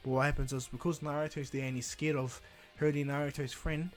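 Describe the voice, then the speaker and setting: A man's voice: fairly high pitch, flat delivery, fairly quick. A man casually retelling a fan story, rambling along with restarts and "and he goes.".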